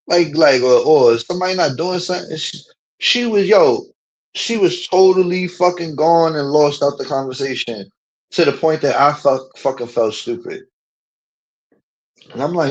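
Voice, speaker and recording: A man's voice: fairly high pitch, normal speed, muffled recording. Profane, ranting man streamer. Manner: profane, emphatic, repetitive fillers. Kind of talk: heated casual rant.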